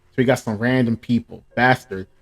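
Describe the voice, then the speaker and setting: A man hosting a live manga reaction, reading dialogue aloud and breaking into excited high exclamations. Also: moderate pace.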